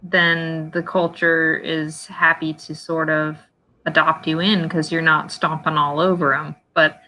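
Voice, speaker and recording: A woman co-hosting a podcast interview, speaking slowly and in a measured way with dry remarks. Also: deep voice, flat delivery, bright, forceful tone, a little hiss or hum, low-quality recording. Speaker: podcast co-host. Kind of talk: casual interview chat.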